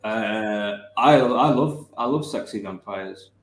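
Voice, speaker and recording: A man's voice: on the low side, takes it slowly. Man chatting in an echoey room. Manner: rambling anecdotes with self-corrections. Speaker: podcast co-host. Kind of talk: casual chat, telling a story.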